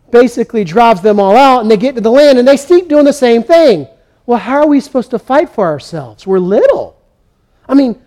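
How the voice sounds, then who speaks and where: A man's voice: sits high, a little mellow. A man preaching a sermon, telling the story with energy and acting out the quoted kings and prophets in his own voice. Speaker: pastor.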